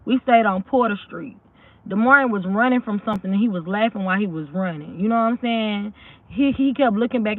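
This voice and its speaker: A woman recounts a personal story in a loose, rambling way, with lots of restarts and frequent check-ins with her listeners. The sound is thin and tinny, like a voice coming through a phone line. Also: on the high side. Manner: rambling, keeps asking "you know what I'm saying". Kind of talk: casual spoken true story.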